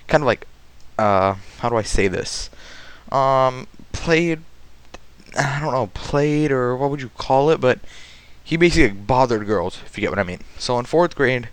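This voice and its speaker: A young man tells a school story to camera in a loose, rambling way, stacking fillers and restarting his sentences. His voice is smooth and clean, sitting at an ordinary middle pitch. The recording is close and dry, with no room sound. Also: no echo. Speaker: vlogger. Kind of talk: casual storytime vlog.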